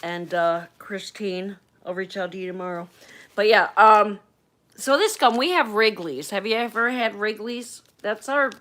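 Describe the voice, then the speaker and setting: A woman livestreaming from home, chatting warmly with viewers by name and getting choked up at times, now and then moving away from the mic. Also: mid-range voice, a little slow. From United States. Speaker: livestream host. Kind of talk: casual livestream chat. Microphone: webcam or phone mic, moves off camera.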